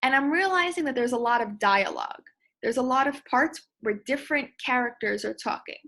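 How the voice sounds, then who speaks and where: High, husky-voiced woman teacher. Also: fairly quick. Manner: expressive, demonstrative. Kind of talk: read-aloud reading lesson.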